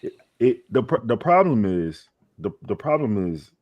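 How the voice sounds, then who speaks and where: A man co-hosting a sports podcast who talks in an animated, casual way, restarting his sentences, repeating words, swearing freely and calling people "bro". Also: on the low side, a little slow, highs cut off. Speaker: podcast co-host.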